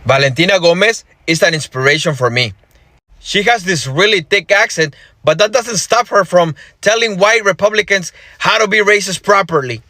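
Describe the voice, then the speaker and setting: A man's voice: high voice, moderate pace, bright, forceful tone, dry recording, clean studio sound. Sarcastic man with a Spanish-speaking accent. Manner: sarcastic, mock-admiring. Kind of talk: satirical social media commentary.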